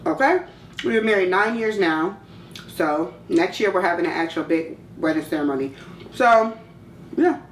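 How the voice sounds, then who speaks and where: A woman's voice: on the low side, moderate pace, recorded from a distance, slight background noise. Chatty woman in her thirties, roomy sound. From California. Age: 30s. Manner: candid, chatty, slangy. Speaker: vlogger. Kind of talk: casual Q&A chat.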